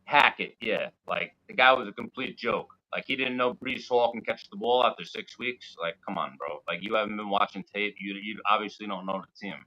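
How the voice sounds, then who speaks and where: A blunt, slangy man rants as a caller into a sports show. His voice is fairly low but bright at the edges. It comes through a muffled, lo-fi call line. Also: fairly quick, hardly any pauses. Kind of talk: fan call-in.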